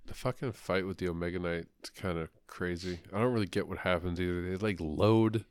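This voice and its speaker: Low guy on a podcast, casual swearing chat, dry close sound. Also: a little fast, clear, resonant tone, dry recording. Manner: swearing, laughing, jokey. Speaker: podcast co-host.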